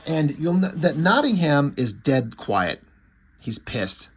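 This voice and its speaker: A man's voice: fairly high pitch, big pitch swings, takes it slowly, slight background noise. A man casually recapping a comic book issue, rambling with fillers and swearing freely. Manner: rambling and profane, lots of fillers.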